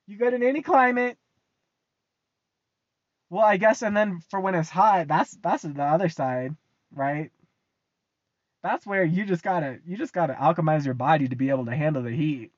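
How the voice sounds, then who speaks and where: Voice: mid-range voice, normal speed, pauses often, dry recording. A young adult with an American accent, delivering a casual ranting monologue to the camera. They swear freely, repeat phrases for emphasis, and laugh often. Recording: dull, lo-fi, dry sound.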